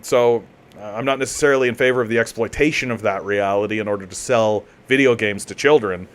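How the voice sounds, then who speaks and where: A man's voice: fairly low pitch, fast talker. A man from Canada hosting a political commentary livestream and reading chat. He rants heatedly, swears often and restarts his sentences again and again. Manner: profane, heated ranting with repeated restarts.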